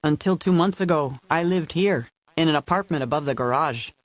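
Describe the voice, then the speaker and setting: A man voicing a humble, soft-spoken male caretaker who answers courteously and formally. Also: a little high, a little fast, no room sound, close to an everyday voice. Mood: polite.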